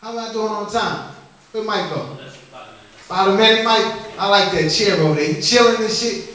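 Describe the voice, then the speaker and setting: High-voiced man doing profane stand-up, echoey club. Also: normal speed, pushed and bright, slight background noise. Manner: profane, rambling storytelling with crowd work. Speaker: stand-up comedian. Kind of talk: open mic stand-up comedy. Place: comedy lounge stage. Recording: echoey room, mic at a distance.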